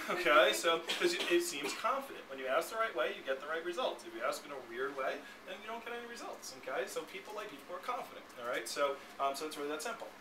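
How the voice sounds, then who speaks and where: A man leads a sales training class, rattling along at a fast clip in a slightly high voice and constantly checking that the room is with him. He was picked up by a camera well across an echoey room. A clear layer of background noise runs under him. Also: lively intonation. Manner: brisk, keeps checking in with the room. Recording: echoey, distant, noisy room recording.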